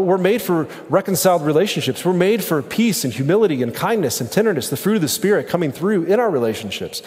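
Man, thirties, pastor preaching, earnest, repeats phrases, slightly high voice, long hall reverb. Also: darkish tone. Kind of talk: sermon.

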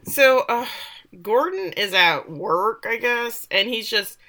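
A woman's voice: fairly high pitch, lively intonation, slow pace, pushed and bright, a little hiss or hum. A woman co-hosting a casual podcast, retelling a TV episode with blunt, sarcastic asides. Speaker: podcast co-host. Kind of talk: casual recap chat.

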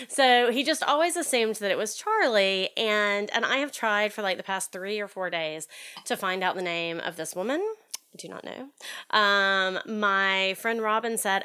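A woman's voice: mid-range voice, moderate pace, bright, forceful tone, clear, resonant tone. A woman casually telling a theater ghost story, chatty and full of fillers. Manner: chatty, lots of fillers and likes. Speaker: storyteller guest.

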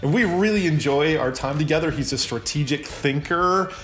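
A man's voice: on the high side, moderate pace, a bit bright, faint music behind. Upbeat man hosting a podcast, roomy sound. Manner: upbeat, chatty, teasing. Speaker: podcast host. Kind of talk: casual podcast interview. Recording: roomy echo.

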